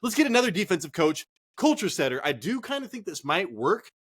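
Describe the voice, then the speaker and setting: Lively high-voiced joking man. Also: brisk. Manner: laughing, joking, profane. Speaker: podcast co-host. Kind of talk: casual chat while drinking.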